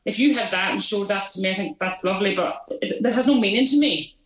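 A woman's voice: medium pitch, fast. Chatty Northern Irish woman, roomy sound. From Belfast, Northern Ireland. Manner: chatty, animated, lots of restarts and acted-out quotes. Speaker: guest. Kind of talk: casual storytelling.

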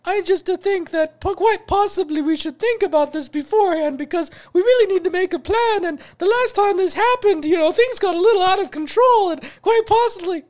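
A man voicing a high-pitched, nervous plumber hero who rambles cautiously about making a plan. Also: fairly quick, hardly any pauses, a little mellow. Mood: fussy. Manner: nervous, overly careful rambling.

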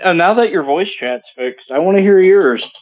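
A man's voice: high-pitched, animated, moderate pace, a little mellow. Profane, laughing storyteller man. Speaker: podcast co-host. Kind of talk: casual chat, storytelling. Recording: dull lo-fi voice chat audio.

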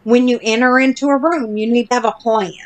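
A woman's voice: a little high, steady tone, fairly quick. A woman podcast host telling a long story in casual chat, blunt and self-deprecating, with casual swearing.

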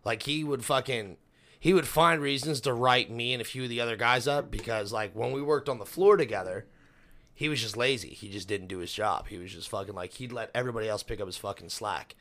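Young male podcast co-host, blunt, swears constantly, casual storyteller, mid-pitched voice. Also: a little fast, a bit bright. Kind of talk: casual profane chat.

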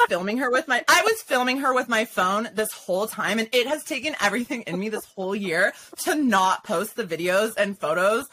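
In a fairly high, pushed and bright voice, a young podcast host tells a story in a casual chat, with a little hiss or hum on the recording. Her delivery is dramatic and sassy, full of "like" and swearing.

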